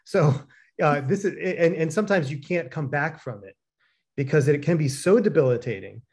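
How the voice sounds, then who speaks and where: A man with a fairly high voice co-hosts a casual conversation. He talks in an animated way, full of fillers, and acts out the dialogue in his stories. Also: moderate pace. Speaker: co-founder co-hosting a talk.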